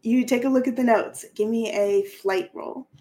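A woman runs a tabletop role-playing game, narrating scenes in a playful, descriptive manner. Her voice sits a bit high. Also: steady tone, moderate pace, dark tone. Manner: playful, descriptive, laughs often. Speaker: game master.

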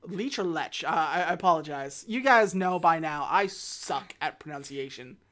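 A woman's voice: low voice, lively intonation, normal speed, fairly bright tone. Chatty woman reviewing a movie. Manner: chatty, self-deprecating, many fillers and restarts. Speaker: podcast co-host reviewing movies. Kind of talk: casual chat.

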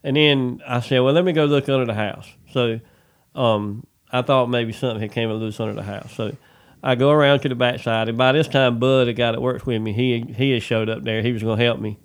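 Animated man telling a work story. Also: mid-range voice, fairly quick. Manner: animated, swears freely, says "dude" a lot. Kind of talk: casual storytelling chat.

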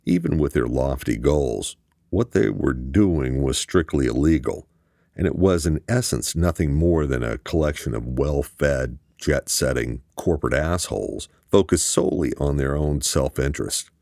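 A man reading an audiobook in a measured, even storytelling manner, close to the mic. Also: a bass voice, vocal fry, no echo. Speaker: audiobook narrator. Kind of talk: scripted narration.

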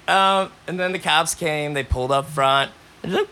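Podcast host with a fairly high voice, telling loose, rambling stories. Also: male voice, moderate pace, slight background noise. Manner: rambling, animated, coughs between lines. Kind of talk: casual storytelling.

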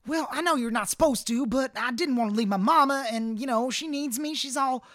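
In a studio-quality recording with no room sound, a woman with a high, natural voice speaks at a moderate pace, pitching above her own voice to play a stammering, flustered young man. The character sounds pleading.

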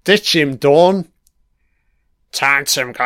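A man with a smooth, clean voice talks unhurriedly over an episode, tossing crude, mocking jabs at the characters. The recording is dry and close, with no room sound. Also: medium pitch, slow pace, a bit bright, dry recording. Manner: profane, mocking, heckles characters on screen. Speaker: film commentator. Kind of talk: watch-along episode commentary.

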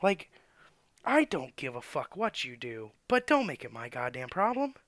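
A man's voice: medium pitch, huge pitch swings, normal speed, fairly bright tone, no room sound. A man who works as an auto mechanic, telling shop stories in a blunt, profane, ranting way. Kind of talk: casual storytelling rant.

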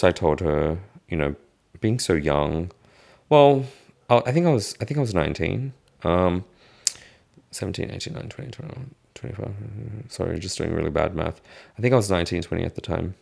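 Deep gravelly young man, candid. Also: expressive, brisk, a little mellow. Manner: frank and casual, swears freely, restarts sentences. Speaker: vlogger. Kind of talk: candid personal storytelling to camera.

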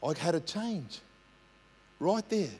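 A man with an Australian accent, a senior pastor telling stories in a lively, conversational sermon, often asking "right?". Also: high-pitched, takes it slowly, slightly rough. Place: church. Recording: long church hall reverb.

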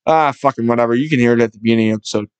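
A man's voice: mid-range voice, very fast, smooth, dry recording. A man hosting a casual podcast, joking around and swearing loosely. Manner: profane, joking, loose banter. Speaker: podcast host.

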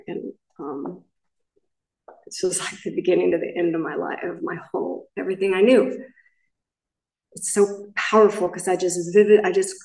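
A woman's voice: on the low side, gravelly, a little mellow, echoey room, far from the mic, poor audio. A middle-aged woman from Southern California gives a personal recovery share as main speaker at a meeting, talking in a candid, rambling way and correcting herself as she goes.

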